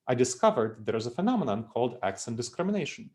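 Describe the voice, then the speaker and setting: A middle-aged man from Moldova, a speaker and trainer with a Russian accent, gives a business training talk at average pitch. He talks fast in a sing-song, darkish voice. Emphatic repetition drives his explanations as he returns to key phrases again and again.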